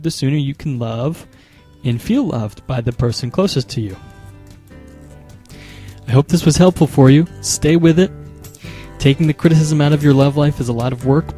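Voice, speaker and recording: A man speaking as a marriage therapist, explaining calmly and methodically, often restarting his phrases. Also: mid-range voice. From United States. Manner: measured, explanatory, with frequent small restarts. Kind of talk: instructional talk to camera.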